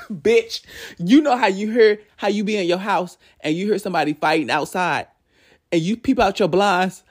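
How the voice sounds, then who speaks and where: A podcast host chatting casually at home late at night, gossiping and reading cards in an animated, profane way with frequent laughter. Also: mid-range voice, a little slow, breathy edge.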